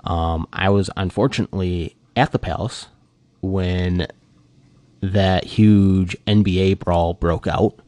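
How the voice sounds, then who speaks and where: A man chatting casually and rambling, full of fillers and restarts, his voice jumping up when he gets excited. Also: deep voice, slow, no echo. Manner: animated fan gushing, voice jumps up when excited. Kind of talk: casual chat.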